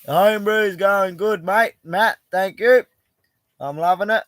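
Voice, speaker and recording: A middle-aged man from Western Australia hosts a casual livestream chat from an outback bush camp, blunt, laid-back and swearing freely. His voice is high-pitched, a little slow and slightly bright, with no echo.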